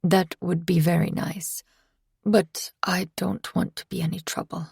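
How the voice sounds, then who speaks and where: A woman's voice: on the low side, flat delivery, a little slow, gravelly, a little mellow, slightly rough, dry recording, studio quality, heavily acted. A woman voicing an anxious, polite woman neighbor who talks in fretful, apologetic bursts. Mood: worried.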